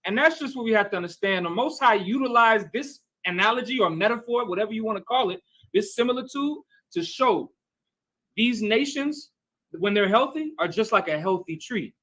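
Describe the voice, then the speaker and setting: A man's voice: high-pitched, expressive, normal speed, fairly bright tone, poor audio. A man teaching a bible class, talking conversationally and often checking in with his listeners. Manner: conversational, keeps checking with "right?" and calling on readers. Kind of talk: scripture teaching.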